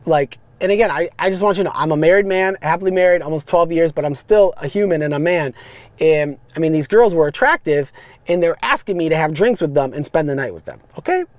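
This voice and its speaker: A man, hosting a podcast and telling rambling, animated stories about his rideshare driving. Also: fairly high pitch, quick pace, no echo. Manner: animated, rambling, frequent restarts and fillers. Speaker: podcast host, rideshare driver. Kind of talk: casual storytelling monologue. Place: parked car.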